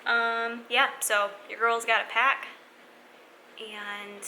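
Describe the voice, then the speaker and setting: A young adult woman vlogging to camera, speaking in an earnest, halting way with many restarts. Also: a little high, level tone, sharp tone, a little hiss or hum, rough recording. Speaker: fitness vlogger. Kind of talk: casual vlog talk to camera.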